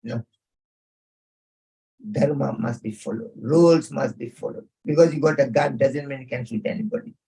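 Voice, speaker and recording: Swami telling a story, lots of chuckles. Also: male voice, mid-range voice, moderate pace, vocal fry, warm tone, slightly rough, poor audio. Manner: chuckling, fond of "you know", acts out dialogue. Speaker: visiting swami. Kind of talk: sermon storytelling. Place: home gathering.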